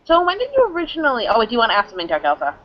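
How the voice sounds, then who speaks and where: A woman's voice: on the high side, wildly swooping pitch, very fast, no room sound. A woman hosting an interview, gushing and rambling through her questions with lots of fillers. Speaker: host. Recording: dull lo-fi dry recording.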